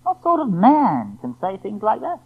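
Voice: mid-range voice, wildly swooping pitch, normal speed, vocal fry, husky. Preacher giving a sermon, emphatic, keeps asking the crowd questions, tinny lo-fi tape sound. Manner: rhetorical, emphatic, full of questions to the listeners. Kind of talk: evening sermon.

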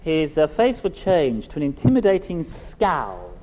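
Emphatic preacher, lively delivery. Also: male voice, on the high side, poor audio. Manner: measured, emphatic, rhetorical. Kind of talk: sermon with scripture reading.

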